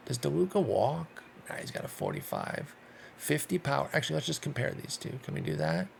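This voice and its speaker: A man's voice: on the high side, huge pitch swings, fairly quick, gravelly, a little hiss or hum. A young man commentating his own baseball sim game, thinking aloud, getting frustrated and swearing. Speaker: gaming YouTuber. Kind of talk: live commentary while playing a baseball sim.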